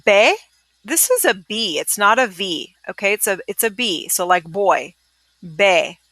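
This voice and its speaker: A young adult woman recording a screencast pronunciation lesson as a Spanish teacher. She talks briskly and upbeat and keeps checking in with "okay?". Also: mid-range voice, animated, bright, forceful tone, no echo. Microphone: computer mic, screencast.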